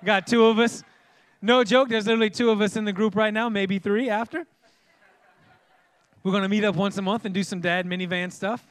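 A young male pastor, preaching in a comic, animated way and acting out voices. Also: high-pitched, fairly quick, pauses often, no echo. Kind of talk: sermon.

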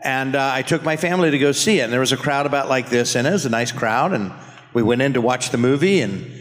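A man at a convention panel spins a relaxed story about his family, voice at an everyday middle pitch. His words ring out through a PA with a long reverb tail in a big hall. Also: quick pace. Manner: relaxed anecdotal, laughing at his own story. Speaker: voice actor panelist.

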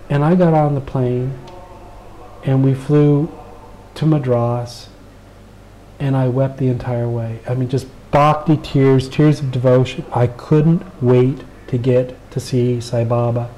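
Middle-aged southern us guy telling a story in an interview, warm low-key tone, faint hum behind. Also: takes it slowly, lo-fi sound. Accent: American Southern. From United States. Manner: earnest, animated retelling with quoted dialogue. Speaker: interview guest.

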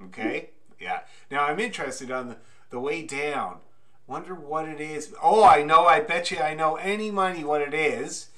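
A man's voice: on the high side, lively intonation, normal speed, bright, forceful tone. A man teaching a group fiddle class in a casual, encouraging way, with plenty of "you know" and "like".

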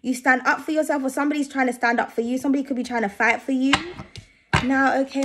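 A woman's voice: high-pitched, steady tone, fast, background noise. A woman giving a casual tarot reading to her viewers, chatty and reassuring, often checking in with "okay?". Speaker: tarot reader.

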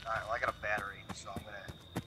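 A man's voice: on the low side, flat delivery, rapid-fire, very noisy. A man chatting with a teammate during an online game, giving brief, practical callouts. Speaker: teammate on voice chat. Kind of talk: casual gameplay chat.

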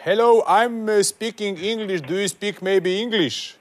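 A man's voice: sits high, measured pace. A man with a Croatian accent making a prank phone call in broken, hesitant English full of filler sounds. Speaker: prank caller.

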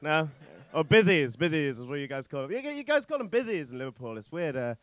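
A young English man with a posh-sounding voice doing a stand-up set in a comedy club, telling rambling, self-mocking stories full of swearing and loud punchlines. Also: a little high, sing-song, brisk. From England. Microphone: handheld stage mic.

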